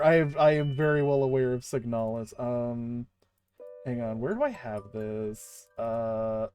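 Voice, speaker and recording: Woman streamer chatting slow and easy, gets all excited and gushy, keeps restarting, bit of quiet music behind. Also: extremely low pitch. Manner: gushing and excitable, with frequent restarts. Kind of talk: casual livestream chat.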